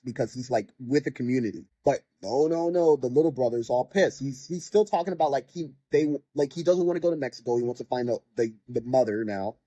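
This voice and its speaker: Podcast host, rambling rant, exasperated, husky voice, dry close sound. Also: medium pitch, dark tone, no room sound. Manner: rambling and exasperated, heavy on filler words; sarcastic mock voices when quoting characters. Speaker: podcast host reviewing a video game. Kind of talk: casual spoken rant.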